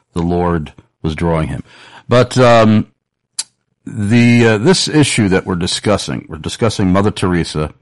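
A man with a very low, deep voice hosts a religious call-in radio program. He talks earnestly and at a measured pace, often pausing mid-thought. The sound is dry and close, with no room echo. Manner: earnest, measured, halting with frequent pauses. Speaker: radio talk show host.

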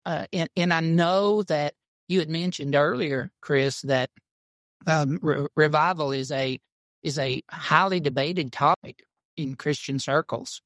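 A man's voice: on the high side, fairly bright tone, dry recording. A man, a pastor telling stories and chatting in a folksy, informal drawl. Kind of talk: casual podcast chat about church.

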